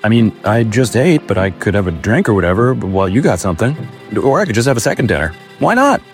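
A man's voice: medium pitch, animated, fairly quick, a little mellow, soft background music, voice pushed up, natural voice. A man voicing an eager, lovestruck middle-aged police commissioner who blurts out his words in a flustered rush.

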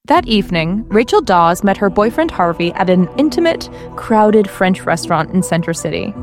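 A woman's voice: medium pitch, sing-song, moderate pace, few pauses, faint music behind. A woman reading a comic parody story aloud with playful, wry asides. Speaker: narrator.

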